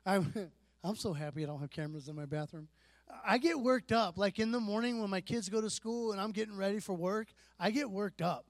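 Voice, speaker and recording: A man, likely in his thirties, sharing a personal church testimony in a relaxed, self-deprecating way, with lots of fillers and restarts. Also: high voice, a little fast, no room sound.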